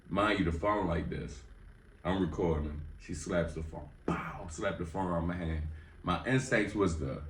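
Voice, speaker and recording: A man's voice: on the low side, normal speed, reverberant, recorded from a distance, a little hiss or hum. A man telling a casual storytime on his podcast, acting out what people said in a raised voice. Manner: animated storytelling, acts out quotes in raised voice. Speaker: podcast host.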